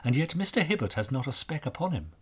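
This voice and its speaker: A man voicing a stern Victorian police inspector, asking brisk, authoritative questions in a storybook reading. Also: mid-range voice, big pitch swings, fairly bright tone, breathy edge, voice pushed up. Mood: grave.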